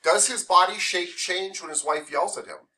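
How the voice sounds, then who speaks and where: A man's voice: high-pitched, normal speed, bright, forceful tone, recorded from a distance. A man teaching a massage therapy class, lecturing conversationally and explaining ideas through playful made-up examples.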